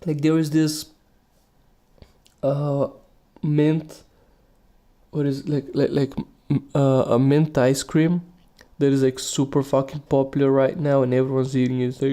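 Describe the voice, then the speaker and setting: Rambling, profane man with a mellow voice. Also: medium pitch, flat delivery, a little slow, pauses often. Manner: profane, meandering, laughs at himself. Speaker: podcast host. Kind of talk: casual solo podcast rambling.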